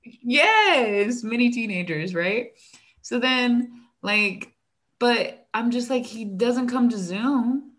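A young woman, a teacher, chatting casually and acting out her students and herself in animated stories. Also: a little high, slow pace. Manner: animated storytelling, acts out student dialogue, frequent "like". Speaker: elementary school teacher. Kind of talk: casual chat.

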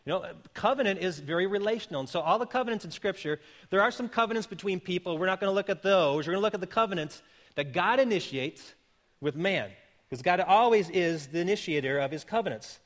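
A man in his fifties, a pastor, preaches a sermon in a high, expressive voice, talking fast. His manner is earnest and conversational, with frequent restarts, and the recording carries a long hall reverb.

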